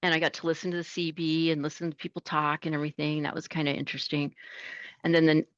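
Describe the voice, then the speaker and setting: Woman trucker guest, fifties, lively storyteller who acts out voices; dry, somewhat dull recording. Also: deep voice, fast, no room sound. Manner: animated, laughing, acts out voices. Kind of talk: casual interview storytelling.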